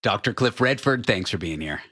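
A man's voice: fairly low pitch, expressive, normal speed, bright, forceful tone, husky. A man hosting a radio show, bantering and joking with his guest. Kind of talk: casual radio interview.

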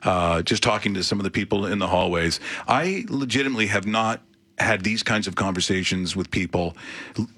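A man's voice: fairly low pitch, a little fast, bright, forceful tone. A man, a comedian guest, chatting casually on a radio show in a rambling, self-deprecating way.

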